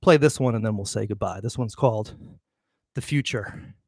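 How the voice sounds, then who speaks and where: A man's voice: lowish voice, normal speed, creaky, no echo, clean studio sound. A man hosting an informal tribute between songs, out of breath and talking in a loose, rambling way with fillers and restarts. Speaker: show host.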